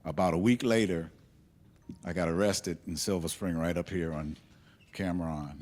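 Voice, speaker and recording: A man telling a personal story on stage in a candid, reflective way, with halting restarts. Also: low voice, a little mellow.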